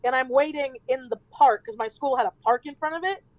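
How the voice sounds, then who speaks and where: A woman streamer telling a story in casual chat, animated and swearing freely. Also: high-pitched, a little fast, no room sound, dull audio.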